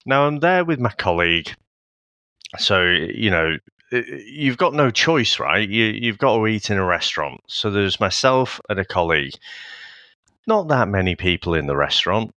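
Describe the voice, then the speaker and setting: Man, podcast co-host, rambling casual chat, bright tense tone, dry sound. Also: on the low side, big pitch swings, moderate pace, dry recording. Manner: rambling, laughing asides.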